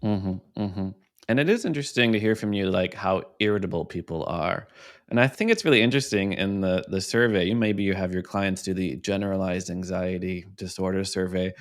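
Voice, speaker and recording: Low-voiced male podcast host. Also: fairly quick. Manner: relaxed, curious questioning with affirming murmurs. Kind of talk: podcast interview.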